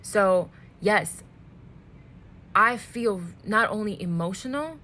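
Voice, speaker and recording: A woman speaking earnestly and deliberately to camera, emotionally worn out. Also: mid-range voice, animated, pushed and bright, low-quality recording. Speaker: social media creator. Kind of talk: direct-to-camera commentary video.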